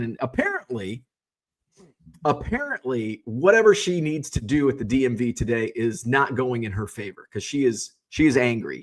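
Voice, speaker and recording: Middle-aged male host, casual rambling storyteller with lots of fillers, average pitch. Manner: rambling and animated, with frequent fillers and laughs. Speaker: streamer host.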